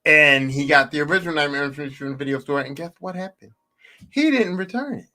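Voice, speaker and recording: A man hosting a podcast, telling stories in a profane, animated, casual way and repeating himself for emphasis. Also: fairly high pitch, quick pace. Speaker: podcast host. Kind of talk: casual storytelling monologue.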